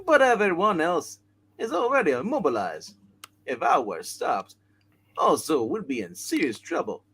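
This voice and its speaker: A man's voice: a little high, sing-song, normal speed, fairly bright tone, breathy edge, heavily acted. A man voicing a swaggering, agile male hero with a put-on Irish accent in a comic book read-aloud, joking and breaking character with asides. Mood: playful.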